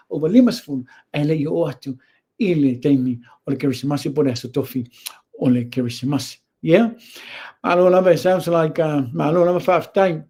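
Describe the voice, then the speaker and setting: A man's voice: a little high, mellow, husky. A man with a Samoan accent hosting a show, giving blunt, opinionated commentary and mixing Samoan with English. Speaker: host. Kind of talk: casual commentary.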